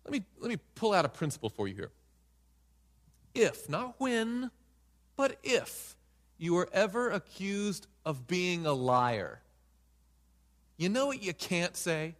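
A man's voice: high-pitched, big pitch swings, takes it slowly, long pauses, a bit bright. A man preaching a sermon in a dramatic style, questioning his listeners. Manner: dramatic, acts out voices in quotes, asks the audience questions. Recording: reverberant hall.

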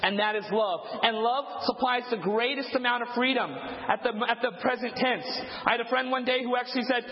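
A man's voice: very high-pitched, brisk, few pauses. A man preaching a sermon, telling stories and acting out the dialogue with animation. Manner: animated storytelling, acts out dialogue. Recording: echoey hall, dull lo-fi sound.

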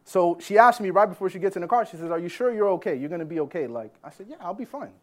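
High-voiced man preaching a lively sermon. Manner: animated storytelling, quick swings from loud to hushed. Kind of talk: sermon testimony.

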